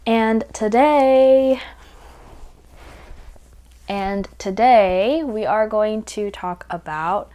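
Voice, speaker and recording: A young woman hosting a casual podcast, congested, rambling and correcting herself, often dropping to quiet asides. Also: medium pitch, extremely slow, long pauses. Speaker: podcast host. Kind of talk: casual chat recap.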